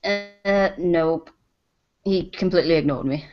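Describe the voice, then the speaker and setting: A woman with a fairly low voice talks in a deadpan, dry way as a guest on a livestream. The audio is dull and lo-fi. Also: unhurried. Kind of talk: casual group chat.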